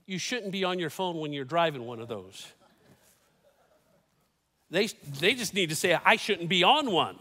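A man's voice: high-pitched, animated, measured pace, pauses often, pushed and bright, long reverb tail. A man in his fifties, a pastor giving a sermon in a church, telling stories with folksy, humorous asides. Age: 50s. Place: church sanctuary.

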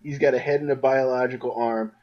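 A man co-hosting a comic-book podcast, animated and acting out characters' lines in paraphrase. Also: medium pitch, fairly quick. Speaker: podcast co-host. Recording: dull lo-fi mic.

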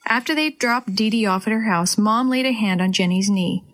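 A woman hosting a children's story program, reading aloud gently and expressively. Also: mid-range voice, normal speed.

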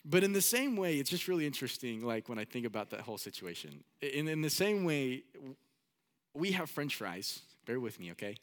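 A man's voice: medium pitch, big pitch swings, fairly quick. A man preaching a sermon in a casual, storytelling manner, often repeating his phrases.

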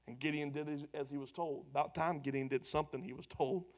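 A pastor preaches a sermon in a slightly high, fast voice. He is animated, loud and emphatic at times, then drops to a quieter, conversational tone.

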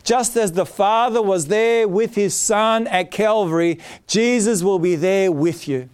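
A man's voice: high voice, unhurried, hardly any pauses, smooth. A man preaching a sermon, earnest and emphatic, often repeating his key phrases.

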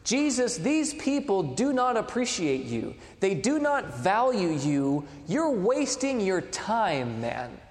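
Sly coaxing devil , put on by a male preacher, lively pitch, hall echo. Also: takes it slowly, hardly any pauses, exaggerated voice. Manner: coaxing, insinuating. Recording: long hall reverb.

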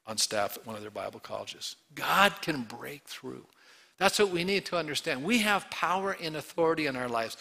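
A middle-aged male pastor preaching a sermon, asking the congregation questions and swinging from loud emphatic calls to hushed storytelling. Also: mid-range voice, vocal fry.

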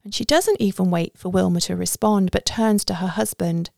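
Gravelly woman telling a story. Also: medium pitch, moderate pace, darkish tone, no echo, studio quality. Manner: conversational first-person telling. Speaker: narrator. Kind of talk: storytelling narration.

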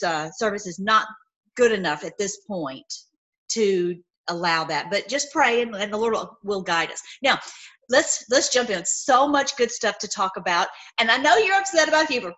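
A woman giving casual livestream commentary, animated and rambling, with frequent restarts and fillers. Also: fairly high pitch. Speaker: online commentator.

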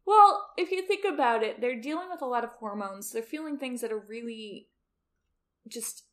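A woman's voice: a little high, lively intonation, normal speed. Earnest woman cohosting a podcast. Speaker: podcast co-host. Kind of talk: casual chat.

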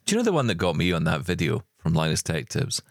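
A Scottish man with a deep voice that swings widely in pitch, co-hosting a podcast in a chatty, self-mocking way. He laughs often, and the sound is dry and close with no room around it. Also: huge pitch swings, fast, vocal fry, dry recording. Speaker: podcast co-host. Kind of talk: casual chat.

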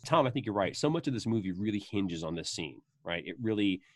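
A man chatting casually as a podcast host, retelling film scenes and breaking into high, animated voices for the quoted lines. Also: fast talker, dry recording, studio quality. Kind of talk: casual chat about a film.

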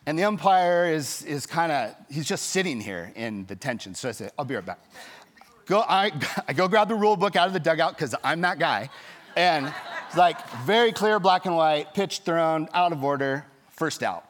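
A man pastor preaching a sermon, telling a story in a lively way and acting out the people in it. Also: on the high side, moderate pace. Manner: storytelling, animated, acts out quoted voices.

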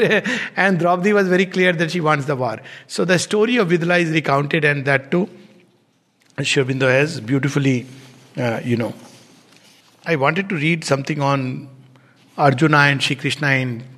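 A man's voice: on the high side, a bit bright, slightly rough. A man giving a lecture that mixes poetry readings with explanation, often laughing as he goes. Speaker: teacher. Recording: long hall reverb.

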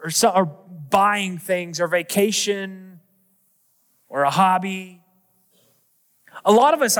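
A man's voice: sits high, fairly bright tone. A man preaching a sermon as pastor, with an earnest, repetitive cadence that builds through his lines. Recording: long echoey hall reverb.

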